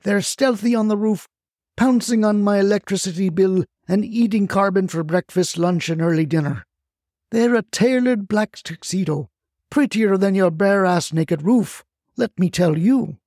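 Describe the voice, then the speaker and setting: A man's voice: normal speed, a little mellow, no room sound, studio quality, lightly acted. A man doing a feisty scolding old grandma. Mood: indignant. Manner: indignant, scolding, high-pitched outbursts. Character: feisty impatient retired grandmother, older woman.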